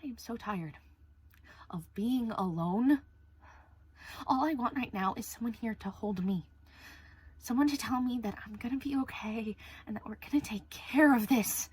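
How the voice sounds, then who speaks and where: A woman's voice: fairly high pitch, a little fast, hardly any pauses, husky. An actress playing a young woman alone in lockdown and terrified of a spider, venting and swearing in a frazzled stage monologue. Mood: lonely. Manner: frazzled, swearing, venting, drops to near whispers.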